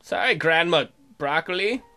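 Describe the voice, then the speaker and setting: Man, high lively voice, bright tone, jokey gameplay commentary. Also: moderate pace, soft background music. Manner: jokey, reacts aloud to the game. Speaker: let's play host.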